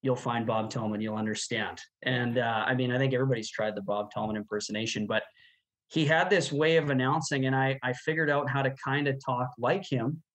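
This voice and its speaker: Canadian guy in his 30s, rodeo announcer guest, chatty storyteller, laughs a lot, mid-pitched voice. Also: steady tone, a little fast, fairly bright tone. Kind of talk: casual storytelling interview.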